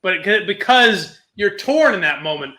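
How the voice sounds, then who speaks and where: A man's voice: high-pitched, normal speed. A young man co-hosting a podcast, telling a story casually with lots of laughter and swearing. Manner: laughs often, swears, animated retelling.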